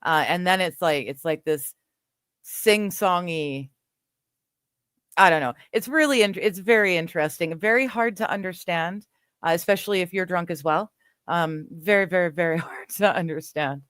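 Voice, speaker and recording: A lowish, fairly bright and clean voice at normal speed belongs to a western Canadian woman hosting a livestream. She reads the chat and replies to viewers casually, rambling and laughing frequently, in clean studio sound without echo.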